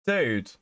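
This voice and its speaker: A man's voice: sits high, bright, forceful tone, dry recording. A man hosting a podcast, ranting in a sweary, incredulous way about online drama. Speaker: podcast host. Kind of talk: casual drama commentary.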